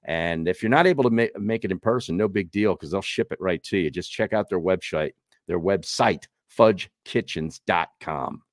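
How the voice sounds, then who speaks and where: Laid back podcast co-host guy, asks questions, lowish voice, dry close mic. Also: moderate pace, dry recording. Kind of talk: casual sports talk and ad reads.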